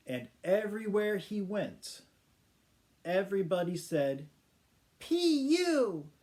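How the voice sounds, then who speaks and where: A man, an English teacher, telling a children's story to learners in a playful, animated way. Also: a little high. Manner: animated, playful sound effects and voices.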